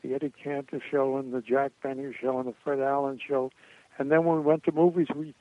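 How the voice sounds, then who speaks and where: In a dry, echo-free recording over a tinny phone-like line, an older man tells stories as an interview guest, rambling and chuckling now and then. His medium-pitched voice stays level in tone and moves briskly.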